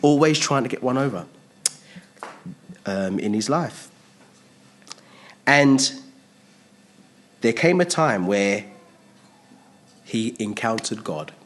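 A man's voice: mid-range voice, expressive, takes it slowly, pauses often. A man preaching a sermon in a conversational way, stressing points by repeating phrases.

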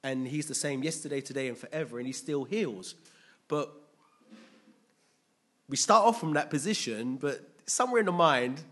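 Man preaching to a congregation, husky and chatty, keeps asking if they follow. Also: medium pitch, moderate pace, pauses often, a bit bright. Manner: conversational, often checks in with listeners. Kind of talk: conversational sermon.

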